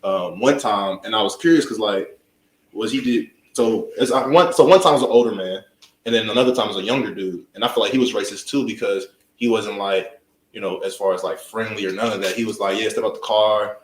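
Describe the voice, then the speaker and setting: A young man talks fast and loosely, piling on fillers as he tells his story. His voice sits a little low. The sound carries a noticeable room echo. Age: young adult. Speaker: college student panelist. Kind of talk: casual discussion.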